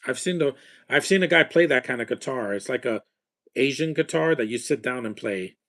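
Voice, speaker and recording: This is a man recording a live commentary over a movie, speaking casually at a mid-range pitch. His remarks wander from one point to the next, full of fillers and false starts. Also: lively intonation, brisk, fairly bright tone. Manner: rambling, off-the-cuff remarks with frequent restarts. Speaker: film commentator.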